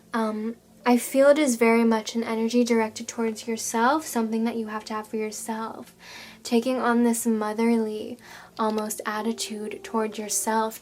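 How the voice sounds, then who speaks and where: A woman reads tarot for her viewers in a gentle, reassuring way. Her voice sits a little high, and she pauses often and fills gaps with soft hesitations. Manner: gentle, reassuring, with frequent fillers. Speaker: tarot reader. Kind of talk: tarot reading monologue.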